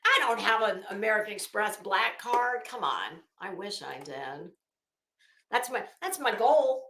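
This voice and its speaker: A woman's voice: medium pitch, animated, a little slow, bright, forceful tone, reverberant. A woman hosting a casual live stream, chatting with viewers by name and swearing freely. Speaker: live stream host reading chat.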